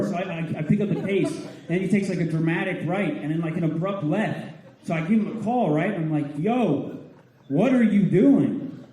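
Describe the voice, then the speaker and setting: A man in his twenties doing a stand-up comedy set in a theatre, telling stoner stories with a laid-back, deadpan delivery. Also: fairly high pitch. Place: theatre stage with audience. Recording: roomy theatre live recording. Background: audience laughter.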